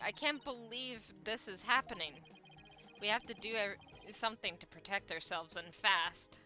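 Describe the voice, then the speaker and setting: A woman's voice: medium pitch, moderate pace, sharp tone, faint music behind, close to an everyday voice. A woman voicing an earnest young male defense lawyer who stammers anxiously while reading game dialogue.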